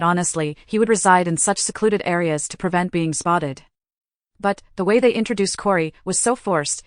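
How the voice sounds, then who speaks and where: A woman's voice: lowish voice, no echo. A woman giving an opinionated, dry commentary in a movie review.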